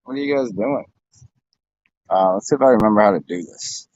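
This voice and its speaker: A man with a lowish voice streams from a phone outdoors, rambling to his viewers with plenty of fillers and false starts. The sound is dull and a bit muffled, yet close and dry, with no room echo. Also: a little mellow. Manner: rambling, halting, with many fillers and restarts. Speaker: vlogger. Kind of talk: casual livestream chat. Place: outdoors, in a windy city park.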